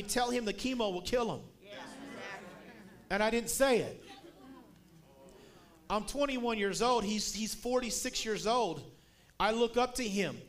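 A middle-aged male preacher with a strikingly high voice delivers a sermon. He tells his story in a conversational way, then lifts his voice into shouted emphasis on the key lines. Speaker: guest preacher.

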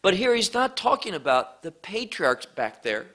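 A man preaching a verse-by-verse sermon, emphatic and deliberate, with his voice rising and falling to stress points. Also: high voice, sing-song, bright, forceful tone.

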